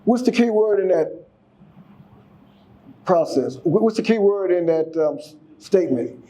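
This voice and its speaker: A man's voice: high-pitched, expressive, a little slow, dark tone, slight background noise. A man giving a casual sermon, exhorting the congregation, often repeating and restarting his words. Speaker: speaker giving a class.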